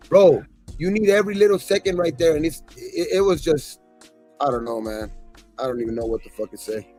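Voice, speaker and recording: A frustrated man venting on a casual sports podcast, swearing constantly and circling back to the same points. His voice is dark and mellow, with faint music playing behind it. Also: a little high, breathy edge. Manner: frustrated, profane, repeats himself. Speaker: podcast co-host. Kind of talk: casual postgame rant.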